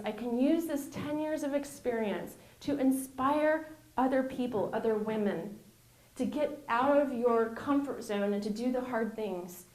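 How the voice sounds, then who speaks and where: A middle-aged woman in an interview, telling her stories in an animated way and acting out the voices she quotes. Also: fairly high pitch, fairly quick. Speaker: former intelligence officer, guest. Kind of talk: interview storytelling. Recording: roomy reverb.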